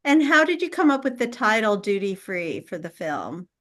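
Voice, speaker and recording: A woman hosting a podcast, with a voice at a middle pitch. She asks her guest questions and keeps the conversation moving with short, encouraging replies. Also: very animated, normal speed, fairly bright tone. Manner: brief encouraging interjections and questions. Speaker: podcast host. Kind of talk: interview.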